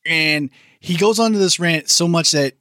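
Male co-host with a slightly high voice, dry and exasperated, recapping scenes for laughs. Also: normal speed, pushed and bright, dry recording. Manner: wry, exasperated, retells scenes. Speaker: podcast co-host. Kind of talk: casual comedic movie review.

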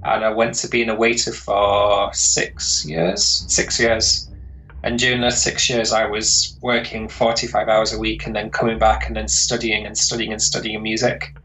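On poor audio, the northern English composer guest speaks at normal speed in a low-leaning, pushed and bright voice with fairly even intonation. He rambles casually through the interview, hunting for words.

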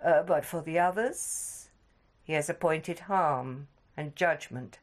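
A woman voicing a grave old abbot who speaks quietly and solemnly. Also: low-pitched, takes it slowly, voice pushed down.

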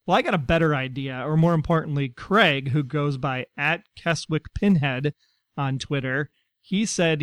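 Clear-voiced man co-hosting a chat show. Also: fairly high pitch, normal speed, a bit bright, no echo, clean studio sound. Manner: reads listener messages aloud, wry. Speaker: podcast co-host. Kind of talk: casual chat.

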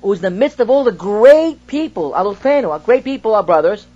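Teaching a text-study class, a rabbi speaks a little fast in a high-pitched, expressive voice with a dark tone. He reads Hebrew phrases and then translates them, asks rhetorical questions, and illustrates points with everyday examples. The class recording is dull and lo-fi.

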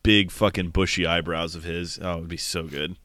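A man with a very low, smooth voice riffs through a movie recap, swearing freely and laughing at the plot. He sounds close to the mic in a dry, dead room. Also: fairly even intonation, fairly quick, bright, forceful tone, dry recording. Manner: profane, joking, recaps scenes. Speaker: podcast co-host. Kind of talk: casual movie review chat.

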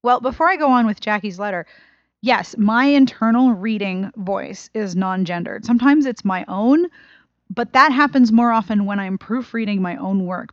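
A woman co-hosting a podcast in casual chat, expressive and self-deprecating. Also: mid-range voice, dry recording, highs cut off. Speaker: podcast co-host.

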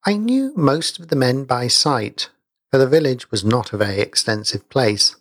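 A man reading a story aloud in a measured storytelling manner. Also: mid-range voice, expressive, fairly bright tone, husky, dry recording, clean studio sound. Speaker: narrator. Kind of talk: audiobook reading.

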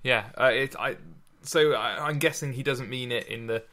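A man's voice: mid-range voice, normal speed, bright, forceful tone. A man co-hosting a podcast, chatting casually about poetry, often repeating words and laughing. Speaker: podcast co-host. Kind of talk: casual chat about sonnets.

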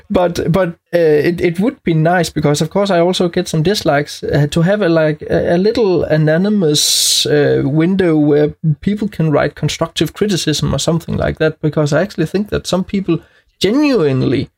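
Gravelly Danish-accented man with restarts. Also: a little high, moderate pace. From Denmark. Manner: hesitant, many restarts and fillers. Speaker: guest. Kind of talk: podcast conversation.

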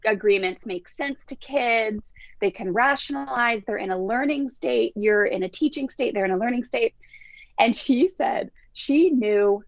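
A woman who is a parenting educator and podcast guest, telling stories in a lively way and acting out quotes, with frequent "like" fillers. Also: a little slow. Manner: animated, acts out quotes with big pitch jumps, many "like" fillers. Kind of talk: conversational storytelling interview. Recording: dull, muffled, lo-fi audio.

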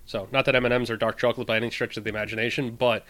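A man talks fast in relaxed podcast banter, joking with his friends. He keeps things light and sometimes slips into silly voices. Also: medium pitch. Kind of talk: casual chat.

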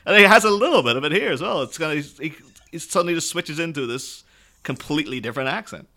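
An Irish man in casual podcast conversation about films, animated and quick to laugh. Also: a little high. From Ireland. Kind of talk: casual film discussion.

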